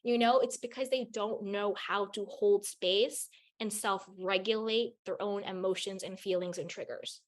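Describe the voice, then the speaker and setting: A woman's voice: medium pitch, steady tone, measured pace, few pauses. A woman talks as a podcast guest, sharing spiritual advice with raw candor. She swears freely and repeats phrases to drive her points home. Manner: emphatic, repeats phrases for stress. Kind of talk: candid spiritual advice in conversation.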